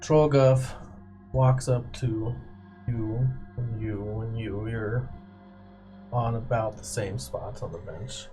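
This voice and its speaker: A man serving as game master in a tabletop game, narrating violent scenes in slow, graphic detail. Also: mid-range voice, steady tone, dark tone, soft background music.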